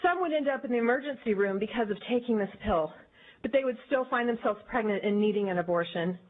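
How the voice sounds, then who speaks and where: A woman speaking in an earnest, measured way as she gives prepared testimony before a legislative committee. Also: fairly high pitch, expressive. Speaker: advocacy group director testifying. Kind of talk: formal public testimony. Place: legislative committee hearing room. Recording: tinny, phone-like archive audio.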